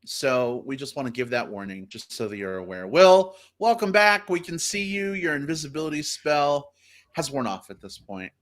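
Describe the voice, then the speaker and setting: Animated higher-pitched male host. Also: moderate pace. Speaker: podcast host. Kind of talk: live podcast hosting.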